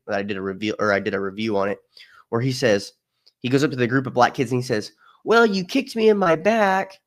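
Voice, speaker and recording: A man talking as a podcast guest in a casual political discussion, emphatic and given to storytelling with mimicked voices. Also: fairly low pitch.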